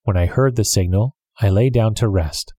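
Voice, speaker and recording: Male narrator, measured read, warm dark tone, dry close recording. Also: lowish voice, no echo. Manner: measured, even storytelling. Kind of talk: scripted audiobook narration.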